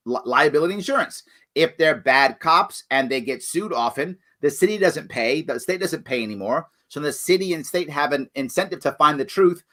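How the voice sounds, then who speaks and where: A man hosting a live political question-and-answer show, reading viewer comments and answering them in an earnest, animated way that swings between loud emphasis and quiet apology. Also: on the high side.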